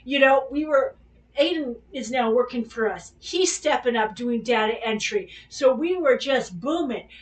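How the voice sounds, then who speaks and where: A woman's voice: sits high, far from the mic. Candid rambling woman, a bit off-mic. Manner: candid, rambling, swears freely, acts out quotes. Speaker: podcast host. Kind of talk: casual storytelling chat.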